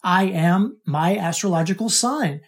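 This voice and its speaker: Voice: medium pitch, a little slow. A coach giving a casual teaching talk to students, speaking conversationally, checking in with "right?" and often repeating or restarting words. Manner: conversational, keeps asking "right?".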